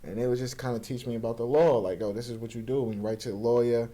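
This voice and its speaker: A young man with a medium-pitched voice and quick pace tells his life story in a casual interview. He's animated, mimicking quoted voices and swearing freely in street slang.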